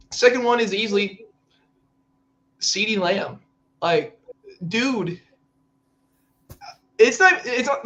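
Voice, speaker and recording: Excitable man ranting about football. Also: high voice. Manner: ranting, exasperated, quick to quote players in mock voices. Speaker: podcast co-host. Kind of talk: casual sports chat.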